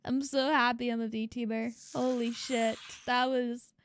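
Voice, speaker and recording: High gravelly woman streamer, slow and emotional. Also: flat delivery, a little hiss or hum. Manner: emotional, swears freely, laughs often. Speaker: VTuber streamer. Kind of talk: casual reaction stream.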